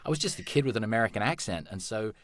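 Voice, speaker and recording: English actor telling animated, rambling stories. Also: male voice, fairly low pitch, rapid-fire, dry recording. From England. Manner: animated, rambling, repeats words, laughs while telling stories. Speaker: actor and podcast guest. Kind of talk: casual conversational storytelling.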